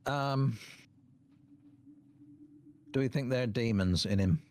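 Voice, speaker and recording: A man playing in a tabletop game, talking in a halting way with many fillers and restarts while planning. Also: mid-range voice, darkish tone. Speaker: player. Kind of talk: casual tabletop game chat.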